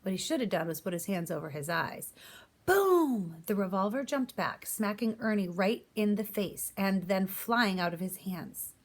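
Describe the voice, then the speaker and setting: Woman reading a kids' novel out loud, plain middle-pitched voice. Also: normal speed, few pauses. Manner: reads aloud, voicing each character's lines. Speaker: audiobook reader. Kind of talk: storybook narration.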